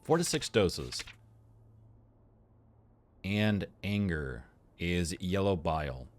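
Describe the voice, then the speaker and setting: A man's voice: sits low, expressive, slow. A man playing a medical game and commenting as he goes, thinking aloud, reading symptoms off the screen and joking with the characters. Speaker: gameplay commentator. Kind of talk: let's play commentary.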